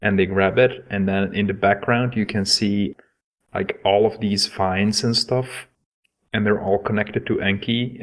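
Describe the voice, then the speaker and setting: A man playing a tabletop game who describes scenes panel by panel, with fillers. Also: fairly low pitch. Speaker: player. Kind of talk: casual tabletop game chat.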